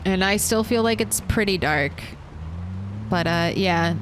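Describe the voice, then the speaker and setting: A woman's voice: mid-range voice, a little slow, a little hiss or hum. A woman streaming a survival game, chatting casually and answering her chat as she plays. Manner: chatty, reads and answers chat while playing.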